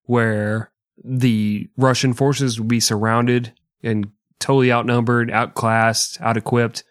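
A man's voice: mid-range voice, little pitch movement, slow pace, no room sound, clean studio sound. A man co-hosting a history podcast, joking crudely and swearing often in casual banter. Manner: jokey, crude, swears a lot. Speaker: podcast co-host.

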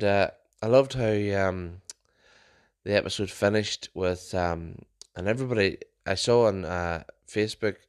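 A young man hosts his own podcast solo, his voice sitting a little low. He chats casually and rambles through stories, often restarting and correcting himself mid-sentence. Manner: chatty storyteller, frequent restarts and self-corrections. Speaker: podcast host.

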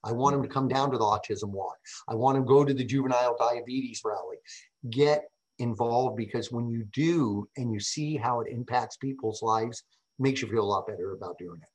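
This middle-aged public speaker, guesting on a podcast, tells stories in a relaxed interview with an animated, emphatic style, frequently tossing in "right?" His pitch is medium and he talks a little fast. The audio quality is poor.

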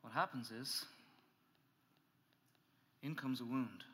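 A male pastor preaching a sermon, animated and emphatic, acting out angry inner voices as he builds. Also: slow pace. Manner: animated, acts out angry inner voices, rises in pitch and volume when emphatic. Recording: hall reverb.

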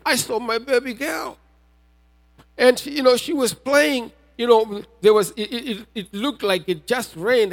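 A man preaching a sermon as a pastor, telling a personal testimony and building to shouted appeals. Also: very high voice. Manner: testimony told with rising intensity, often shouting. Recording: reverberant hall.

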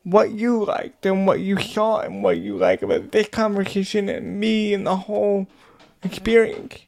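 A man hosting a casual interview, speaking in an unhurried and affirming way to a friend who is his guest. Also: high-pitched, expressive, vocal fry, a little mellow. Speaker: podcast host.

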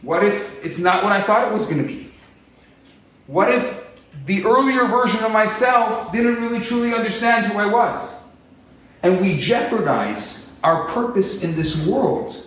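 A man preaching a sermon as a rabbi, animated and acting out quotes in different voices. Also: high voice, unhurried. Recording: echoey room, distant mic.

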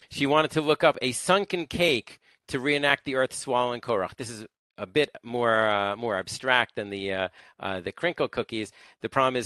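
Man, online lecturer; bright, dry sound; halting, filler-heavy delivery. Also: medium pitch, smooth, no room sound. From lives in Israel. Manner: halting, with many fillers and restarts. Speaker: teacher of an online class.

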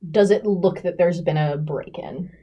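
Gal with a lowish voice playing a tabletop rpg, lots of ums and restarts. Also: female voice, breathy edge, muffled recording. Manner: halting, many fillers and restarts. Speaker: player. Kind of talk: playing a tabletop role-playing game.

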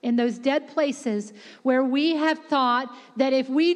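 A woman preaching a sermon with passion, shifting her voice to act out the quotes she tells. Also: high-pitched. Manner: impassioned, quick-shifting, voices God and the Pharisees in quotes. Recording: echoey hall reverb.

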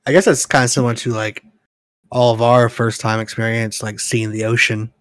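A young man chatting casually with friends, a quiet listener who speaks briefly and chuckles. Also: medium pitch, flat delivery, fairly quick, no room sound. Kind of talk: casual chat. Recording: dry close sound.

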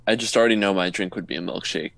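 A man in a band, talking in a casual interview with deadpan, self-mocking humor. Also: lowish voice, rapid-fire, vocal fry, no echo. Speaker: band member. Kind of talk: casual chat.

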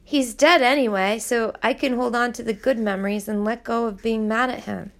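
A woman's voice: on the high side, steady tone, normal speed, lightly acted. A woman reading aloud voices a desperate teenage girl who pleads breathlessly and urgently. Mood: emotional.

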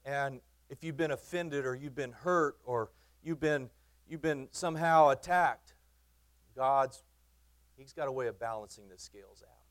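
A man's voice: mid-range voice, unhurried. A man preaching a sermon in a conversational, emphatic way, often repeating and restarting phrases, with teasing asides to his congregation. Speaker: pastor.

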